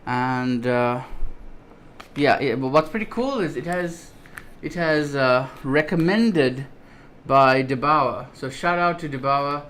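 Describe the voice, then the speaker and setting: A man's voice: medium pitch, slow pace, a bit bright, a little hiss or hum. A man vlogging an unboxing of computer parts in enthusiastic, rambling casual chat, with many ums and restarts. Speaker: tech vlogger.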